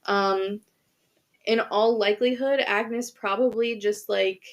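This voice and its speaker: A woman's voice: mid-range voice, steady tone, slow pace. A young woman co-hosting a podcast, retelling a history story in casual chat with lots of fillers and restarts. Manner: chatty, many fillers and restarts, laughs easily. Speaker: podcast co-host.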